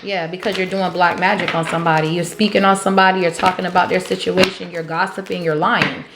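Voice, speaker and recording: A woman's voice: fairly low pitch, level tone, fast, noisy background. A woman giving a collective tarot reading, blunt and profane, laughing often as she calls out the cards. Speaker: tarot reader. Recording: roomy echo with faint music.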